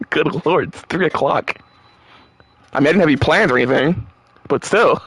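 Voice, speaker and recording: A man's voice: on the high side, animated, unhurried, a bit bright, husky. A man streaming a game live, rambling animatedly, laughing often and swearing freely.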